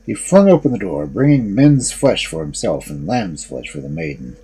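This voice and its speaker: A male storyteller reads a fairy tale aloud at an unhurried pace. His voice is dark and husky, and his pitch rises and falls a great deal. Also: very animated, rough recording.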